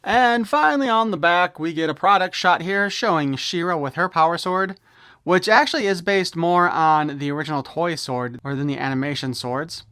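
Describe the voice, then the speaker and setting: A man's voice: fairly high pitch, normal speed, sharp tone, smooth, no room sound, studio quality. A man giving a casual unboxing review of a toy, opinionated and wry, with jokes thrown in.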